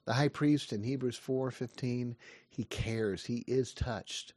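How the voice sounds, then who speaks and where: A man in his fifties preaches earnestly, with rising questions and quick asides. His voice is dry and close, with a middle pitch. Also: fairly even intonation, darkish tone, no echo. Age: 50s. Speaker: pastor. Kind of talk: short devotional sermon.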